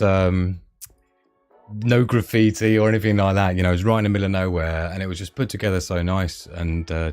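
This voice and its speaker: This livestream host has a low, somewhat dark-toned voice. He chats loosely and meanders as he reads out comments from viewers.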